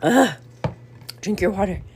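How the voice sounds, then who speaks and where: A woman's voice: medium pitch, expressive, measured pace, a little mellow, slight background noise. A woman in her thirties hosting a get-ready-with-me live stream, chatting to her viewers, calling them "girl" and thanking them by name as she gets ready at home. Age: 30s. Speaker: livestream host.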